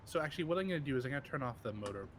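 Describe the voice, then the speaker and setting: Man co-playing a game, mid-pitched voice, calm, short dry comments. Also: racing, slight background noise. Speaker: co-player. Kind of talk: casual gameplay chat.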